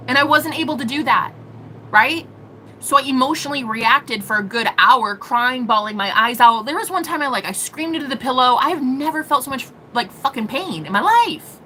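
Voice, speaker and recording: A woman speaking as a spiritual reader in a casual vlog monologue, profane and dramatic, laughing often and rushing in bursts. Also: high voice, expressive, bright, forceful tone, slight background noise, rough recording.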